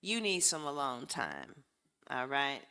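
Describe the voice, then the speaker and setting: A woman's voice: very deep voice, wildly swooping pitch, takes it slowly, smooth. A woman giving a casual tarot reading, talking bluntly and profanely as she speaks straight to her viewers. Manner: addresses viewers directly and warmly. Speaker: tarot reader.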